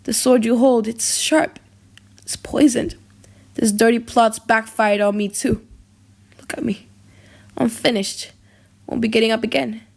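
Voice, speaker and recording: A woman's voice: a little high, steady tone, unhurried, gravelly, darkish tone. A woman reading the lines of a vengeful young nobleman in an audiobook drama, urgent and confessing. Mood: grim.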